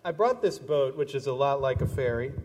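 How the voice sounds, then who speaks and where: A man leading a children's message in church, telling an animated, playful story with toys. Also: medium pitch, fairly quick. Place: large church sanctuary. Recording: long church reverb.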